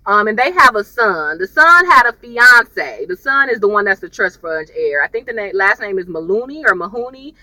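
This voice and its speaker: A woman with a high voice rambling casually through a TV episode review while driving in her car, often saying "y'all". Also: moderate pace, few pauses, no room sound, rough recording. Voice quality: high voice, especially when excited. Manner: chatty and rambling, laughs often, says "y'all".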